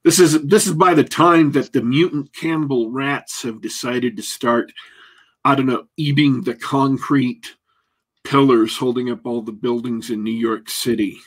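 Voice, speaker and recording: A man's voice: mid-range voice, fairly even intonation, unhurried, slightly rough. A man co-hosting a podcast, rambling and joking at his own expense as he signs off the show. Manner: rambling, self-mocking, jokey. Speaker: podcast co-host. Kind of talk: casual podcast sign-off chat.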